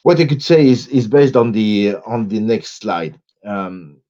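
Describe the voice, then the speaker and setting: A man's voice: fairly low pitch, lively intonation, unhurried, warm tone. A man with a French accent presenting on a video call, hesitant with many fillers and small laughs. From France. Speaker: panelist, consulting firm executive. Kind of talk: webinar presentation. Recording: dull lo-fi video call audio.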